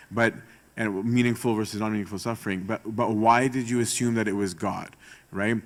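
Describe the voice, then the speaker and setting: A male priest giving a conversational sermon talk, often checking in with a rhetorical "right?". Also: fairly low pitch. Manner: chatty, tags points with rhetorical "right?".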